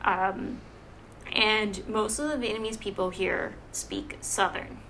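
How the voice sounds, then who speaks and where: A young woman from Hawaii in casual chat, an animated, self-deprecating storyteller who fills her talk with "um" and "like". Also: mid-range voice, takes it slowly, slight background noise.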